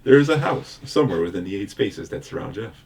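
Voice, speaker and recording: A man acting as game master in a board game playthrough, reading out results in an even, formal way and laughing often. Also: fairly low pitch, fast, vocal fry, breathy edge.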